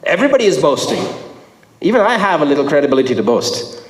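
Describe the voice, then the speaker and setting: A male preacher delivering a sermon with a lively, swooping voice that climbs high for emphasis and drops low again. He repeats his phrases for weight. The sound rings through a roomy hall with a long echo trailing behind him. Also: fast. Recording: echoey hall with long reverb.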